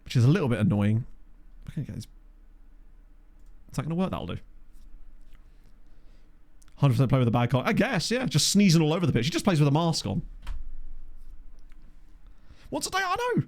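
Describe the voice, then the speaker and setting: Man, casual gameplay commentary, lively up-and-down voice, chatty, joking, desktop mic. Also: on the high side, fast, long pauses. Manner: chatty, thinking aloud, joking with chat. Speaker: gaming video creator. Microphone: desktop USB microphone.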